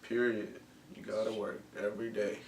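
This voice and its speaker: A man's voice: lowish voice, little pitch movement, normal speed, darkish tone, roomy sound, distant mic, a little hiss or hum. A man hosting a casual podcast talk, loose and repetitive, full of slang. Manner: laid-back, repeats himself, heavy slang. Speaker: podcast host. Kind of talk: casual chat.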